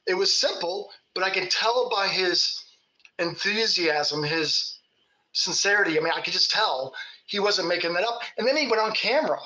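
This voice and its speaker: Guy from kentucky spinning folksy stories, high bright voice, roomy echo. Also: lively intonation, moderate pace. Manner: folksy, laughs while telling stories. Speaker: Bigfoot researcher guest. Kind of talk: casual storytelling.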